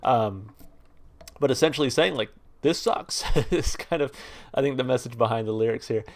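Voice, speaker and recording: A man hosting a music reaction channel, talking through a song in a relaxed, rambling way and reading its lyrics aloud. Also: mid-range voice, normal speed. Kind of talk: casual music review talk.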